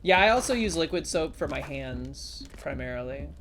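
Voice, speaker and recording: A woman's voice: sits low, animated, moderate pace, a little hiss or hum. A young adult woman streaming, chatting playfully and reading chat aloud. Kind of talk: casual live-stream chat.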